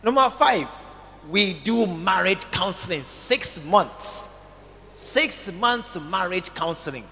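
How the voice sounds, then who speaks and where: Male pastor, slow, emphatic sermon delivery, long church-hall reverb. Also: high-pitched, lively intonation, gravelly, pushed and bright, a little hiss or hum. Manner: emphatic, repeats phrases, calls for "amen" and "tell somebody".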